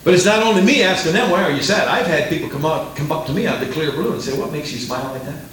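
A male preacher delivering a sermon in a sing-song cadence, his voice swooping lively up and down as he repeats phrases. He quotes scripture in old-fashioned biblical wording, and his fairly high voice carries through an echoey room with a faint hiss behind it. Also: racing.

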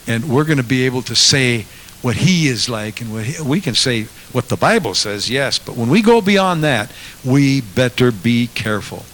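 A man preaching a sermon as a pastor, moving from quiet asides to loud, impassioned passages. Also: medium pitch, lively intonation, moderate pace, slight background noise.

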